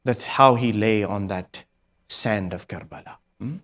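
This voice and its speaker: A man delivering a mourning sermon, telling the story softly and often prompting his listeners with a questioning "hmm?", at times rising to loud peaks. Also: on the low side, unhurried. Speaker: preacher.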